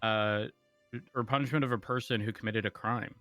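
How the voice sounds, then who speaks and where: A man's voice: fairly low pitch, fairly even intonation, normal speed, a bit bright, no echo, soft background music. A man playing a police officer in a roleplay discussion, asking pointed questions with many hesitations.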